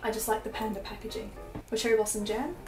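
This young Australian woman, a vlogger, speaks in a mid-range voice at a quick clip and keeps a steady tone. She giggles and uses plenty of fillers as she walks viewers around her small apartment, her accent sliding toward British. Faint music plays in an echoey little room.

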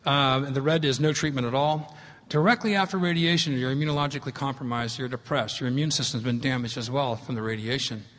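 Man, 50s, public science lecturer, animated and emphatic, big lecture hall reverb. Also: medium pitch, fast. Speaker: lecturer on fungi.

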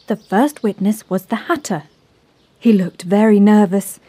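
A woman narrating a children's story in a calm, clear, measured way. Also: medium pitch, no room sound.

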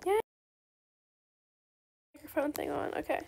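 A young woman with a very high voice chatters through her game trades in a casual, excitable commentary, talking straight to her viewers. A faint noise hums under the recording. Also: measured pace, gravelly. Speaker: gaming video creator.

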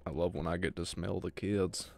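A man's voice: sits low, steady tone, moderate pace, creaky, a little mellow, a little hiss or hum, pitched below the performer's own voice. A man doing a leering creepy monster. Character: creepy male monster sniffing out kids.

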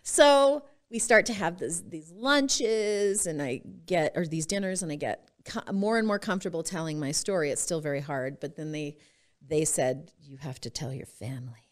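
A middle-aged woman with a somewhat low voice tells her personal story as a podcast guest. She speaks expressively and laughs often as she goes. She is from Utah. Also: normal speed.

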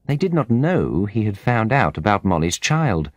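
A man narrating an English-learner audiobook in a measured, expressive storytelling manner. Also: lowish voice, no room sound. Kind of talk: scripted narration of a graded reader.

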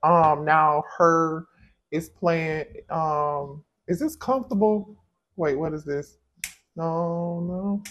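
A man with a fairly high voice gives a casual tarot reading. He is animated and exclaims often. He talks straight to his viewers as if they were friends. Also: slow, lo-fi sound. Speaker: tarot reader.

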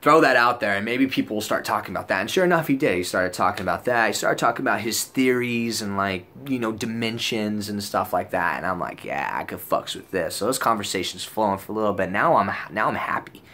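A young man casually telling a story out loud, animated and profane, full of slang and acted-out lines from other people. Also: fairly low pitch, fast talker, few pauses.

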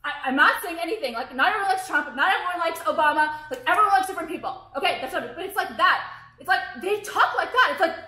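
A woman's voice: very high voice, very animated, fast talker, bright, forceful tone. A woman in her thirties, a fashion vlogger, ranting bluntly and profanely to the camera, rambling with lots of fillers. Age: 30s. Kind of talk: casual ranting monologue to camera. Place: room at home with white walls. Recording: echoey room.

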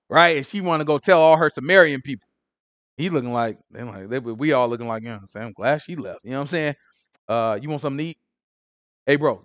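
Male bible teacher, slangy storyteller voice, fairly high, dry close sound. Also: no room sound. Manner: animated storytelling, acts out characters in street slang. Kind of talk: casual Bible study teaching.

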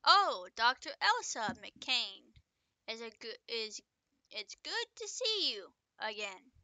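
A curt, sarcastic male doctor brushing off a colleague, read by a woman in her own voice. The voice is bright and smooth, recorded close and dry, with barely any put-on character. It plays like a storybook reading rather than acting. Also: sits high, expressive, normal speed, no room sound, full character voice.

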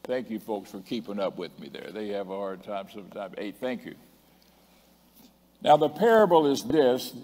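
A man preaching a sermon as a bishop, with drawn-out, emphatic phrasing, repeated refrains and self-corrections. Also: fairly low pitch, expressive, mellow. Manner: stumbles over references and corrects himself. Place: large church sanctuary. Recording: long reverb of a church hall.

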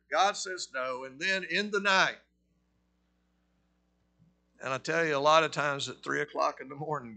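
A middle-aged pastor from Georgia with a Southern accent, preaching a conversational sermon that rises to forceful emphasis. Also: male voice, a little high, gravelly. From Georgia, USA.

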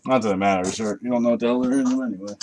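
A man's voice: mid-range voice, very fast, background noise. A man hosting a live card break, chatting casually with viewers and swearing freely as he opens packs late at night. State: tired from a long night.

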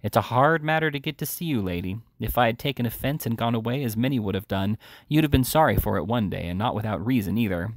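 A man's voice: medium pitch, animated, fast, no echo, clean studio sound. A man voicing a desperate, ashamed young woman thief, pleading and urgent.

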